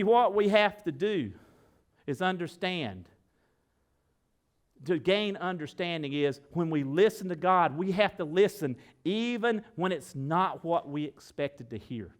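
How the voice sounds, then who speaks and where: A man preaching a sermon to his congregation in a church. He talks in a folksy, animated way, swinging between loud and soft, and often asks the room direct questions. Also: on the high side. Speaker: pastor. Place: church sanctuary.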